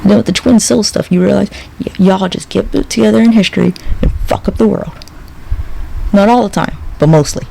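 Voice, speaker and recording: A podcast host rambles through a sardonic, profane monologue. His voice is high and heavily gravelly, with a faint hiss behind the recording. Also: fairly even intonation, fairly quick, mellow, low-quality recording.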